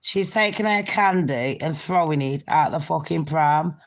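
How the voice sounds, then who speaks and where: A woman's voice: sits low, a little slow. A woman giving a sweary, mocking commentary vlog, laughing at her own jokes. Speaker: commentary vlogger.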